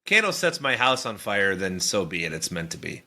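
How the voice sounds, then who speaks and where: A bright-toned man with a faint lilt, co-hosting a casual podcast. He rambles along in loose banter, laughing easily, and his pitch moves up and down a lot. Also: big pitch swings, a little fast, creaky. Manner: laid-back, rambling, laughs often. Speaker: podcast co-host.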